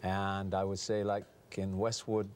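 A middle-aged English man with a lowish voice, talking hesitantly with plenty of pauses and fillers. His manner is soft-spoken, with a dry wit, and faint noise sits under the voice. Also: flat delivery. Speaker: actor, interview guest. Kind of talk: casual TV interview.

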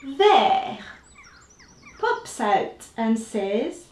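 A woman reading her own picture book aloud to children, slow and expressive, voicing the sound effects. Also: a little high. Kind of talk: children's storybook read-aloud. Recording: roomy echo, distant mic.

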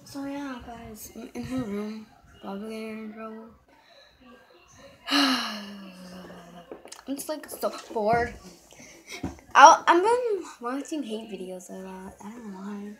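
A woman's voice: on the high side, expressive, takes it slowly, pauses often, noisy background. A young woman rambling casually to the camera in a bedroom, filming on a handheld phone and using lots of fillers. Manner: rambling, full of fillers like "so" and "yeah". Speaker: vlogger. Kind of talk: casual vlog chat. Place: bedroom indoors.

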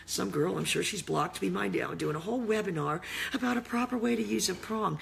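Gravelly, boastful Midwestern man. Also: fairly quick, a little hiss or hum. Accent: Midwestern American. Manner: boastful and blunt, swinging from low muttering to loud bursts. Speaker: dog trainer. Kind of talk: unscripted monologue.

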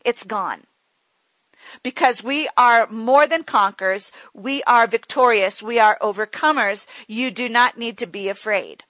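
A woman's voice: on the high side, unhurried, bright, forceful tone, dry recording, rough recording. A middle-aged woman teaching a sermon in a firm, repetitive way, leading her listeners to say declarations back to her. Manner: firm, repetitive, leads call-and-response declarations. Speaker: Bible teacher.

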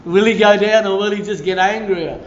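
A man preaching a sermon as a pastor, telling stories with a lively delivery and breaking into shouts of praise. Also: high-pitched, fairly quick, a little hiss or hum.

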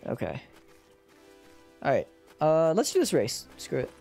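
An excitable streamer giving casual gameplay commentary and joking at the screen. The pitch swings widely. Faint game music sits in the background. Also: measured pace, gravelly.

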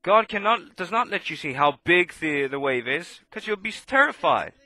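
A man preaching a sermon, impassioned and swinging between loud outbursts and hushed asides. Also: a little high, very animated, moderate pace, no room sound.

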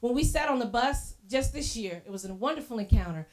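A woman preaching a sermon in a church, telling lively casual stories and acting out what people said. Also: fairly high pitch, fairly quick. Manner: lively storytelling, acting out quoted voices; casual colloquial phrasing.

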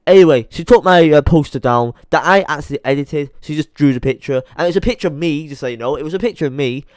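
Young dude ranting mad, lots of swearing, smooth voice, dry close mic. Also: male voice, on the high side, fast talker, darkish tone, no room sound. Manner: swearing, repetitive, heated. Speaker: YouTuber. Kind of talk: angry rant to camera.

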